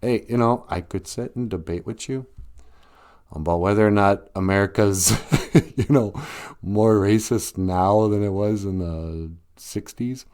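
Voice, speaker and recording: A man's voice: fairly low pitch, a little slow, darkish tone, clean tone. A man hosting a podcast in a casual, joking monologue, laughing often and putting on sarcastic voices. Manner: jokey, laughs often, breaks into sung bits; sarcastic, mock voices for quoted people. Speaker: podcast host.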